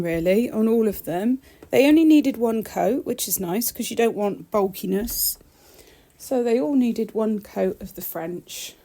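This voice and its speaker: A woman's voice: mid-range voice, creaky, mellow. A woman, a nail technician, chatting casually over her tutorial with wry, self-deprecating asides.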